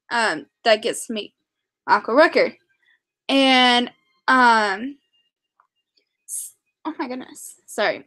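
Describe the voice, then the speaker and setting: High-voiced, slow-talking young woman vlogger. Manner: rambling and excitable, with many fillers and restarts. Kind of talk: casual chat to camera.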